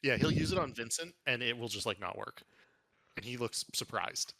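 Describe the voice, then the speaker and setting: A man's voice: mid-range voice, expressive, normal speed, vocal fry, pushed and bright. A man running a tabletop game as game master, thinking aloud in a casual, hesitant way.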